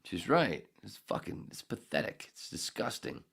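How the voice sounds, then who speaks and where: A man hosting a podcast who rants angrily and sarcastically, swearing heavily and swinging from mutters to shouts. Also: on the low side, very animated, moderate pace, vocal fry, husky. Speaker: podcast host. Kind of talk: ranting monologue.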